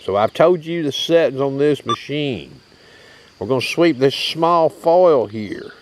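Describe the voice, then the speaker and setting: A man's voice: medium pitch, animated, unhurried, noisy background. A man, from Tennessee, casually demonstrating gear outdoors in a folksy, drawling way, often checking in with his listeners. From Tennessee, USA. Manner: folksy, drawling, keeps checking in with "okay?" and "you hear that?". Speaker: metal detecting channel host. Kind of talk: casual outdoor equipment demo.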